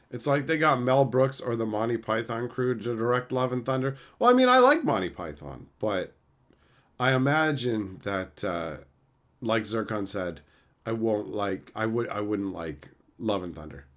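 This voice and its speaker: A man's voice: lowish voice, very animated, a little slow, a bit bright. A man casually reading live chat on a stream and teasing his chatters in a playful, mock-insulting way.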